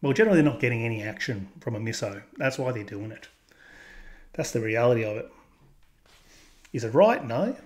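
A man's voice: mid-range voice, expressive, brisk, pauses often. A man hosting casual commentary, talking in a blunt, crude way and laughing at his own jokes. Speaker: host. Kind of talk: casual commentary reacting to posts.

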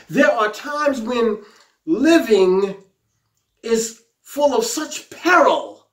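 The sermon comes from a man whose high voice sounds a bit bright and reverberates around him. He exclaims fervently, goes back over his lines, and acts out scripture, paraphrasing it aloud as if pleading.

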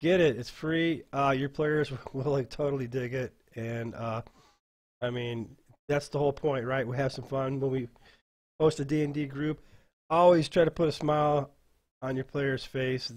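Rambling man hosting a software tutorial. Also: mid-range voice, fairly even intonation. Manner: rambling, halting with fillers while clicking through software. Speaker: dungeon master tutorial host. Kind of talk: casual screen-share tutorial.

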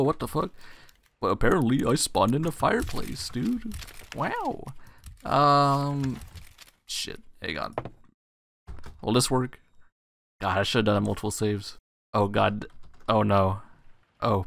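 A man's voice: fairly low pitch, creaky, fairly bright tone. A young man casually commenting on a horror game as he plays, swearing often and calling the viewer dude and bro. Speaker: gaming channel host. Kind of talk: let's play commentary.

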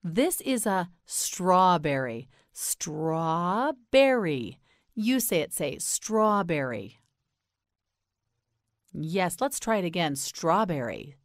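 An American woman teaching English pronunciation in a slow, scripted lesson, patiently repeating each word and encouraging the learner. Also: fairly low pitch, very animated, no echo, studio quality.

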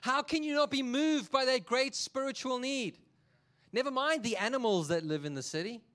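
A man's voice: extremely high pitch, moderate pace, sharp tone, pitched above the performer's own voice. A man voicing God in a raised, earnest, pleading tone during a sermon.

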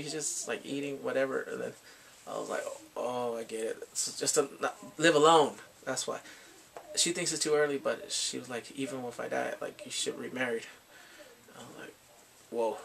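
In a casual drama recap and review, a man gets excitable and animated, laughing often and acting out his reactions. His voice runs on the high side with noticeable vocal fry.

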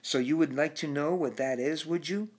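A man voicing a calm, wise old male turtle who guides the listener in a storybook reading. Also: fairly high pitch, normal speed, husky. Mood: reassuring. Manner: calm, reassuring. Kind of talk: audiobook character voice.

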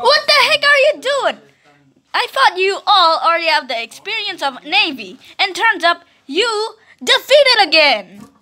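A woman's voice: sits high, sing-song, slow, sharp tone, full character voice. A woman with an Indonesian accent voicing a hot-tempered, dim-witted male Mongol commander in a history cartoon. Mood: blustering. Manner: blustering, indignant.

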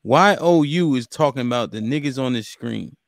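A man's voice: mid-range voice, animated, moderate pace, vocal fry, no room sound, studio quality. Blunt, casual male podcast host. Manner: blunt, profane, conversational. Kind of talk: casual panel discussion.

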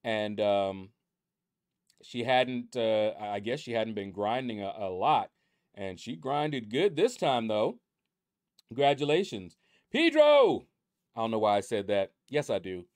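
A man's voice: fairly low pitch, expressive, a little slow, darkish tone, clean tone, no room sound. A man hosting his mobile game channel, chatting in a rambling, easygoing way from a room at home. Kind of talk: casual chat over game leaderboards.

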